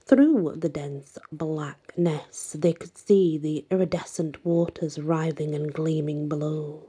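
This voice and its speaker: Woman storyteller for a folk legend: low, slow, husky, whispery and dramatic. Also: warm tone. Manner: dramatic, often sinking to a breathy whisper. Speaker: narrator. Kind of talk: reading a folk legend aloud.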